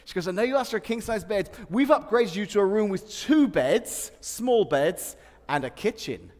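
A pastor preaching a sermon, telling humorous personal stories and laughing often. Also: male voice, sits high, expressive, moderate pace, a little mellow. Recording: long hall reverb.

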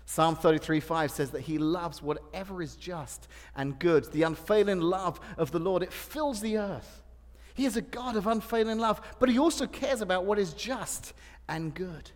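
A man with a high voice preaches to a congregation, mixing light personal stories into the sermon. He laughs often between lines. His voice rings out with a long reverb in a large church hall. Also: moderate pace. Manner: humorous storytelling, laughs often. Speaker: pastor.

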